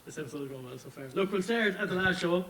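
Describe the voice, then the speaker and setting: A man's voice: sits high, lively intonation, racing, fairly bright tone. An Irish man hosting a podcast in casual, joking chat, recorded in a cold gym. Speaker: podcast host. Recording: roomy gym audio, mic at a distance.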